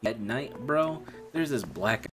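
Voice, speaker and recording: A man's voice: mid-range voice, animated, slow, fairly bright tone. A young man telling a rambling, profane story about an old coworker in a casual stream chat. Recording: music playing behind.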